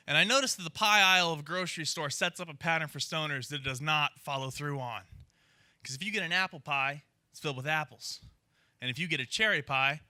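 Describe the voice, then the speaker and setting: A young man working a stand-up crowd in an underground club. His delivery is brash and profane, quick to slip into little character voices. The voice rides a touch high with a forceful, cutting edge, and the sound is close and dry. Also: dry recording. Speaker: stand-up comedian. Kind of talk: stand-up comedy set. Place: underground comedy club with live audience.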